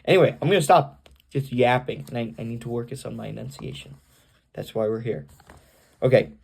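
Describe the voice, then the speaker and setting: Young guy w vocal fry, gravelly, rambly and self-conscious, home video on the camera mic. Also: medium pitch, brisk, darkish tone. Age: young adult. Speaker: grandchild recording readings for family. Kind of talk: casual home video, reading aloud. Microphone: camera's built-in mic, no external microphone.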